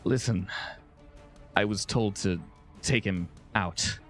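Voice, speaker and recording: A man's voice: on the low side, slow, a bit bright, soft background music. A man playing a smug, scheming villain.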